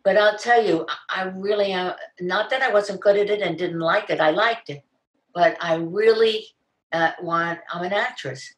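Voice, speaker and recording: This older actress speaks at a moderate pace in a mid-range, fairly bright voice. Recorded in a room with echo, she's chatting casually in an interview, spinning lively stories and jumping her voice dramatically for quoted lines.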